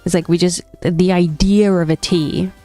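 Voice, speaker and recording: A woman's voice: fairly low pitch, fairly even intonation, moderate pace, mellow, no room sound. A young woman streamer chatting casually with her viewers, opinionated and thinking aloud with frequent restarts. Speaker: gaming streamer. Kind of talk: casual chat reacting to stream chat. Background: faint stream background music.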